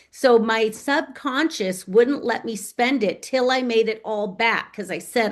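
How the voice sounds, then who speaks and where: A woman's voice: a little high, moderate pace. A middle-aged American woman, a real estate agent and author, telling stories in a casual interview and acting out remembered conversations. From United States. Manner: animated, acts out remembered dialogue.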